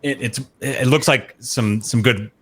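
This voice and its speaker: A man's voice: medium pitch, unhurried, fairly bright tone, slightly rough. A man playing a tabletop game, describing his moves casually with lots of "you know" and "sort of". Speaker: player.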